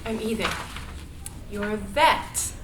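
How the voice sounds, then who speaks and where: A woman's voice: medium pitch, slow, lightly acted. A woman voicing a fiery, foul-mouthed woman facing deportation in a screenplay table read, blunt and swearing. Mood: subdued. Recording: echoey room, distant, faint noise.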